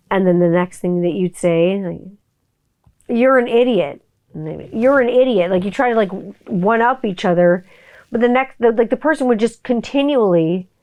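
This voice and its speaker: A middle-aged woman hosting a casual solo podcast, chatty and profane, often breaking into high kid voices for quotes. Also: a little mellow, clear, resonant tone. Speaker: podcast host.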